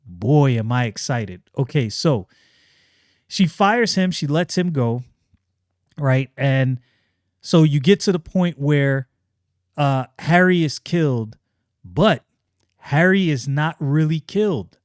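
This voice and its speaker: A man hosting a casual comic book review, excitable and slangy, often restarting his sentences. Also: fairly high pitch, slow pace, long pauses, no room sound, clean studio sound.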